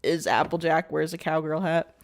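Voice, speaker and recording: A woman's voice: sits low, steady tone, normal speed, vocal fry. A woman guest on a stream, chatting casually and teasing the host, laughing often. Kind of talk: casual chat.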